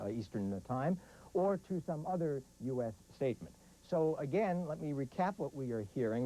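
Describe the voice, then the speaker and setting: A male news correspondent with a mellow, rounded tone reports live, slowly stressing his caveats and recapping. Archival broadcast sound. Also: medium pitch, poor audio. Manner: careful, repeating and stressing points.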